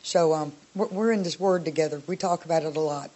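A woman's voice: low voice, brisk, warm tone, slight background noise. Earnest woman sharing a testimony. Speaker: congregation member sharing a testimony. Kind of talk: personal testimony.

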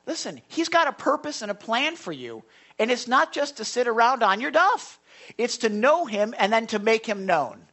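A pastor preaches an emphatic sermon at a moderate pace in a very animated voice that rises and falls sharply in pitch and loudness. He reads scripture aloud and often urges listeners to listen.

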